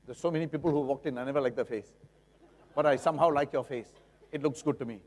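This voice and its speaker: A man, putting on a flattering home seller in a seminar hall. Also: medium pitch, quick pace, close to an everyday voice. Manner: coaxing, flattering. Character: fawning, sweet-talking male home seller. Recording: long reverb of a seminar hall.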